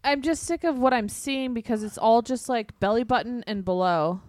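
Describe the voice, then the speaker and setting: A woman's voice: a little high, moderate pace, a little mellow, dry recording, clean studio sound. A woman co-hosting a crude casual chat podcast, bubbly and rambling, gushing about things she loves. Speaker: podcast co-host.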